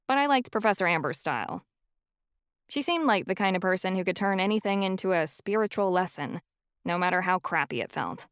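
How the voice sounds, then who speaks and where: A woman narrating a first-person audiobook in an even, wry storytelling way. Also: on the low side, fairly quick, clear, resonant tone, no echo, clean studio sound.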